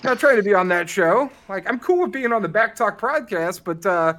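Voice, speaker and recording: A man's voice: sits high, moderate pace. An American man with a voice that swings all over, telling a story on a casual podcast. He jumps into the voices of the people in his story and swears without holding back. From United States. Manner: animated, acts out the people he quotes, swears freely. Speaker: podcast co-host.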